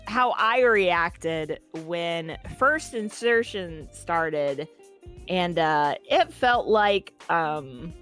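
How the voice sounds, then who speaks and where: A woman's voice: on the low side, lively intonation, extremely slow, a bit bright, soft background music. A woman guest in an interview, telling a personal story in a casual, candid and profane way.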